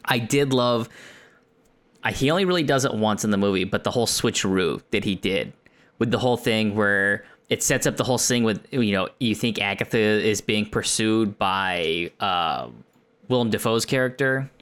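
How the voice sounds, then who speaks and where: A man talking casually about a film on a podcast, rambling with lots of fillers and getting animated when excited. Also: lowish voice, normal speed, clean tone. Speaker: podcast co-host.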